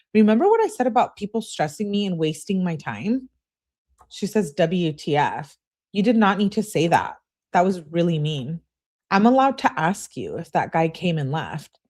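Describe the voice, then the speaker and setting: Female commentator, animated delivery, reads texts aloud with a sarcastic edge. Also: fairly low pitch. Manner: sarcastic, mocking asides. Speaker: true crime commentator. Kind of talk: reading text messages aloud with commentary.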